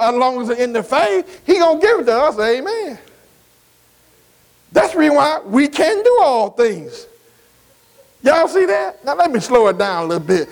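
A man's voice: very high voice, rough recording. A man preaching a sermon, folksy and emphatic, often asking the congregation whether they agree. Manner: emphatic preaching with call-and-response questions. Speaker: pastor.

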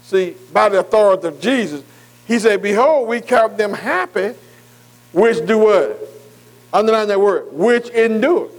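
A man's voice: sits high, expressive, a little slow, rough recording. An older man preaching a folksy sermon, often checking in with his congregation. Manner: folksy, calls for congregation response.

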